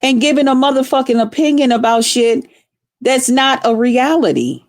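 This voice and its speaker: A woman vlogger telling a story in a profane, animated, dramatic way, casual and blunt. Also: sits high, normal speed, dry recording, studio quality.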